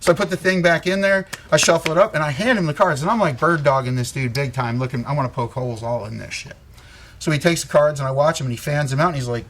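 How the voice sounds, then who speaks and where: Male co-host on a live stream. Slightly raised pitch, tells a long story loosely and profanely. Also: quick pace, a bit bright. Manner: rambling, swears a lot, laughs often.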